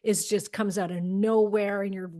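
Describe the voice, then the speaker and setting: A woman's voice: mid-range voice, normal speed. Chatty woman podcast host. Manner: chatty, lots of "like", animated retelling. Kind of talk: casual interview chat.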